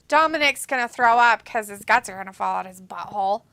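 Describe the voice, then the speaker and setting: A woman hosting a wrestling watch-along, commenting excitedly and joking as she mimics the wrestlers. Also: medium pitch, a little fast, vocal fry, clean tone, no echo. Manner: excitable, jokey, mimics wrestlers in silly voices.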